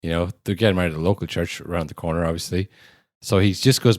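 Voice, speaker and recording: A man's voice: deep voice, fast talker, darkish tone, no room sound, clean studio sound. A man co-hosting a podcast, reviewing a film in casual chat, wry and rambling, swearing now and then. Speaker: podcast co-host.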